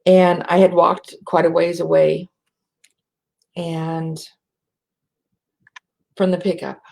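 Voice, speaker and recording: A middle-aged American woman with a faint rural twang talks slowly and reflectively, her voice low and gravelly. She leads listeners through breaths in a soft, unhurried way, sometimes sinking to a whisper. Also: little pitch movement. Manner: slow, soft, drops to a whisper at times. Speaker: spiritual speaker. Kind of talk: slow reflective talk with guided breathing.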